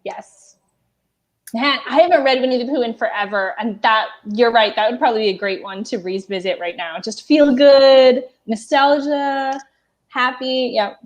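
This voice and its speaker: A woman hosts a relaxed chat over a video call, her voice a touch high. She keeps things moving with quick, encouraging affirmations. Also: dull audio. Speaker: bookshop host. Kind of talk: casual chat.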